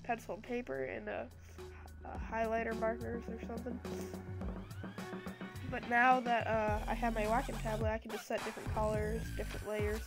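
Congested, gravelly young woman. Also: fairly high pitch, flat delivery, moderate pace, long pauses. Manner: chatty, rambling, lots of fillers. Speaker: product reviewer. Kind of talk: casual product review and drawing demo. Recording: music playing behind the voice.

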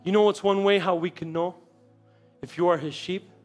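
A male pastor preaching a sermon in a church, telling a story with dramatic swings between quiet and loud. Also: high-pitched, fairly even intonation, moderate pace, soft background music. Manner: storytelling, dramatic shifts in loudness.

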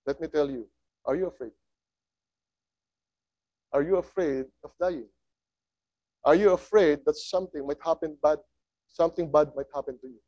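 A man preaching a sermon in a slow, emphatic way, asking his listeners rhetorical questions. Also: high voice, a little mellow, dry recording.

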